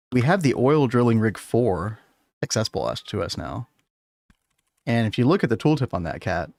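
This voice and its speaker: A man's voice: medium pitch, dry recording. A man chatting casually with his viewers and co-player while streaming a game, laughing often. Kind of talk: casual gaming livestream chat.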